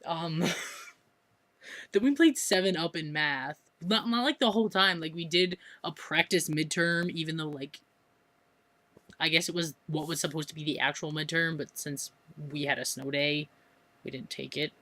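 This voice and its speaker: A woman's voice: sits low, measured pace, a bit bright, no echo. A teenage girl with an American accent, rambling chattily through a casual vlog with plenty of fillers and restarts. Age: teens. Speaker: vlogger.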